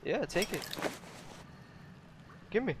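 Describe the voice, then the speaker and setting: A man whose first language is Russian talks his way through a game live, with lots of self-talk, sudden exclamations and small laughs. His voice sits a little high for a man, and he speaks in a slow, drawn-out way. A faint hiss of noise lies under the recording. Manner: excitable, talks to himself, exclaims and chuckles often. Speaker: let's play gamer. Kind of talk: live gaming commentary.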